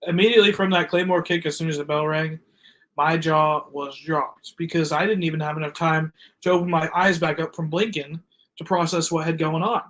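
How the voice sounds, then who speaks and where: A man's voice: a little high, fairly even intonation, brisk, fairly bright tone, low-quality recording. A man co-hosting a podcast, recapping a wrestling match as an enthusiastic fan and checking his notes. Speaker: podcast co-host.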